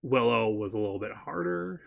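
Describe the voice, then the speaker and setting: A man co-hosting a casual chat show, wandering through his thoughts and pausing to recall details. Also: medium pitch, animated, gravelly, narrow, tinny audio. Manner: meandering, stops to recall details mid-sentence.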